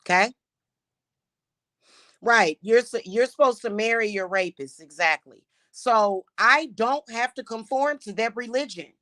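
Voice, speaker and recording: A woman's voice: on the high side, measured pace, fairly bright tone. A woman who practices witchcraft and hosts her own channel, talking in an emphatic, indignant unscripted monologue full of restarts and repeated words.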